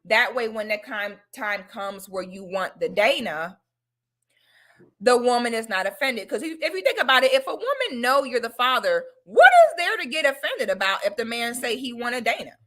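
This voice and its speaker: A woman hosting a casual livestream talk, giving blunt, opinionated advice in an animated way. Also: fairly high pitch, moderate pace. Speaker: online talk host.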